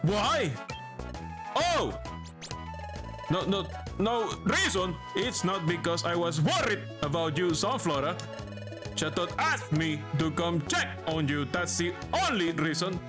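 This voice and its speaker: A man voicing a proud male Pokemon explorer who blusters and bursts out with loud words. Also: sits high, animated, moderate pace, few pauses, over music. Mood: blustering.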